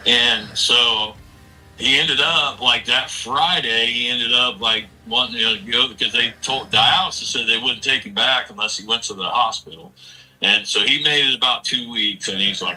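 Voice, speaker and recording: A man's voice: mid-range voice, normal speed, sharp tone, far from the mic, faint music behind, rough recording. A man in his forties in casual chat, talking bluntly and with a lot of swearing as he rambles through a family story. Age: 40s. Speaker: streamer.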